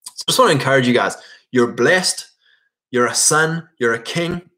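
A man's voice: medium pitch, moderate pace, pushed and bright. Earnest man giving a casual sermon. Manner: earnest and exhorting, acts out quoted prayers. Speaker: Christian speaker.

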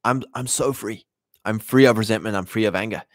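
A man with a fairly low voice talks through a loose, rambling monologue, restarting his sentences and slipping into mocking voices. The sound is dry and close, with no room around it. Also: a little fast, dry recording. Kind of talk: casual monologue.

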